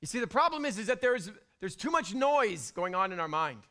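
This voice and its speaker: A pastor, male and middle-aged, gives a brisk sermon with a bright, high-pitched voice. He's animated throughout, swinging between quiet whispers and loud outbursts.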